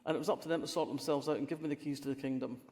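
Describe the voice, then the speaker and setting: A woman's voice: deep voice, steady tone, very fast, warm tone, a little hiss or hum. Woman, 60s, polished Scottish accent, wry storyteller, live festival stage, long echoing hall. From Fife, Scotland. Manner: wry storytelling with frequent restarts and laughs. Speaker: guest crime writer.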